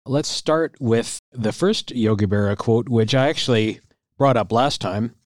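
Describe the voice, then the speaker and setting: A man's voice: medium pitch, measured pace, dry recording, clean studio sound. A man co-hosting an investing podcast, laid-back and giving short replies in casual chat. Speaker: podcast co-host, financial advisor.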